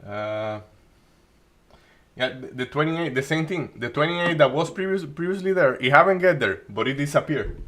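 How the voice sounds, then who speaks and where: A man doing live trading commentary, thinking aloud with many restarts and halting phrases. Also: fairly high pitch, lively intonation, fairly bright tone. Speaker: day trading streamer.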